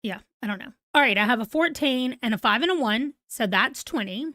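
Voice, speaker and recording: A woman's voice: on the high side, expressive, fairly quick, bright, forceful tone, dry recording, studio quality. A woman in her forties, chatting casually and rambling to viewers on a live stream. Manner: rambling, chatty, self-deprecating. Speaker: book vlogger.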